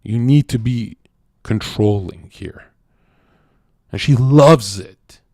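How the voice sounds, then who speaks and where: Male livestream host, mid-pitched, crude and blunt, jumps between yelling and muttering, dead-dry close sound. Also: takes it slowly, no echo. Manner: blunt, profane, swings from shouting to low muttering. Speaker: livestream host talking to chat. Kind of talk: unscripted livestream rant.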